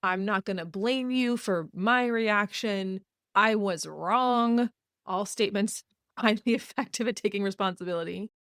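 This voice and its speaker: A woman hosting a podcast, speaking frankly and casually, breaking into quick laughs and acting out sample apologies. Her voice sits at a middle pitch and is recorded close and dry, with almost no room sound. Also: a bit bright, clean tone, no echo. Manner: frank, laughs often, acts out example apologies. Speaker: podcast host. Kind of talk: casual advice monologue.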